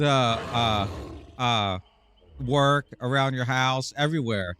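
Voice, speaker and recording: Male streamer, bright lively voice, slow unhurried teasing banter with chat. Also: medium pitch, slight background noise. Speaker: live-stream gamer host. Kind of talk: casual live-stream chat to viewers.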